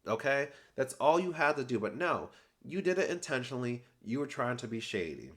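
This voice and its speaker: Fairly quick and mid-range, a young adult man's voice carries an animated, sassy recap of a reality TV episode. He mimics the lines people said and adds slangy asides.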